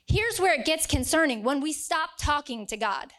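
A woman's voice: high voice, expressive, moderate pace, a bit bright. A woman preaching a sermon to a congregation, earnest and emphatic, reading scripture aloud. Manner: earnest, emphatic, acts out quoted voices.

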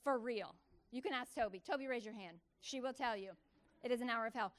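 A woman preaching a testimony sermon to a church gathering, telling her story with animated, emphatic repetition. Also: a little high, a little fast. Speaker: church speaker.

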